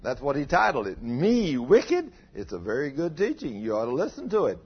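A man's voice: big pitch swings, fast talker, husky. A man preaching a sermon in a folksy way, asking the listeners rhetorical questions and telling stories. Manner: folksy, rhetorical tag questions, dramatic pitch swings. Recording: dull lo-fi recording.

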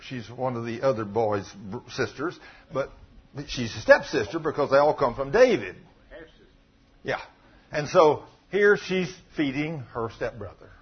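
A man's voice: medium pitch, animated, normal speed, husky, lo-fi sound. A man preaching a sermon, retelling a story with acted-out quotes and building to emphatic questions.

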